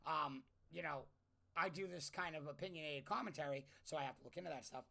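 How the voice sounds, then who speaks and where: A young man with a high, bright, gravelly voice, delivering an exasperated political rant. He swings from shouted outbursts to low sarcastic mutters. The feel is an opinionated vlog commentary. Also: quick pace. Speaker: commentary vlogger.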